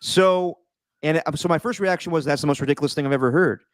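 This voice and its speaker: A man co-hosting a casual podcast chat, animated and mocking, tossing in quick impressions. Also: on the high side, no room sound, studio quality. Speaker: podcast co-host.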